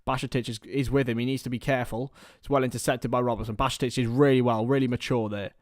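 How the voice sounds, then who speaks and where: A young man giving partisan live commentary on a football match for a fan watchalong, chatting casually between the action and getting loud at chances. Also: medium pitch, fast, no room sound, studio quality. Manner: partisan, rises to excited shouts at chances.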